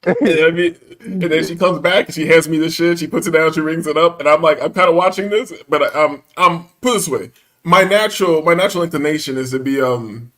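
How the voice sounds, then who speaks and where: A man's voice: on the high side, a little fast, a bit bright. A man telling a story in casual chat, acting out the quotes and laughing often, with profane slangy banter.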